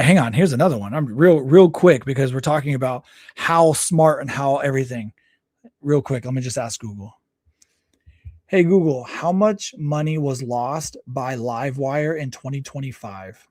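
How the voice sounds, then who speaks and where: A man's voice: medium pitch, darkish tone, dry recording. A man hosting a casual livestream, reading articles aloud and stopping often to reread and correct himself. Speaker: livestream host.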